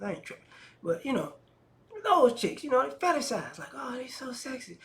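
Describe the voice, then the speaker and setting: A man with giving a casual opinion monologue, animated and slangy, often acting out the voices of the people he talks about. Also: extremely high pitch, fairly quick, creaky, slight background noise. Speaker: commentator.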